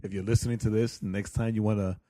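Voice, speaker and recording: A man's voice: fairly low pitch, flat delivery, fast, warm tone. A man co-hosting a podcast, chatting casually and earnestly about church. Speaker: podcast co-host.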